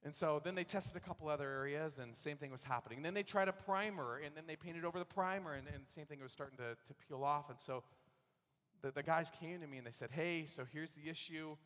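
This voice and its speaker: A male pastor preaching in a big church sanctuary, his voice pitched a little high for a man. He talks through a personal story in an easygoing, conversational way and now and then acts out his frustration in loud bursts. The sound rings out with a long hall reverb. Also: quick pace. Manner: conversational storytelling, bursts into animated acted-out outrage. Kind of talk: sermon.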